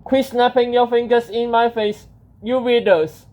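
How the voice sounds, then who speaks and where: A storybook reader voicing an angry grown man who shouts at his neighbors, in a dull lo-fi recording. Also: mid-range voice, steady tone, unhurried, close to an everyday voice. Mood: yelling. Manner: shouting, raised voice.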